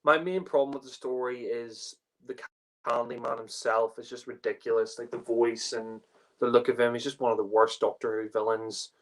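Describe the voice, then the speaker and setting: A man's voice: medium pitch, steady tone, moderate pace, rough recording. A man giving a casual spoken review, rambling with lots of fillers and restarts. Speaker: podcast panelist reviewing a TV story.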